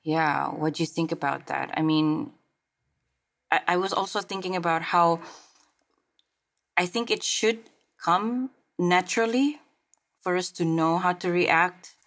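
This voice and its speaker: Low-voiced woman hosting a reflective chat. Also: a little slow, pauses often, a bit bright. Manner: thoughtful, reflective, with many fillers. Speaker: podcast host. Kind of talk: casual conversation.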